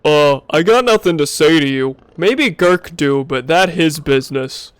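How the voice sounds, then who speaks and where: Guy doing boorish alien hunter brutes, broken grammar, childish insults, slow drawl. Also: on the high side, animated, clean tone, no room sound. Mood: taunting. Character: gruff boorish male pig-like alien hunters.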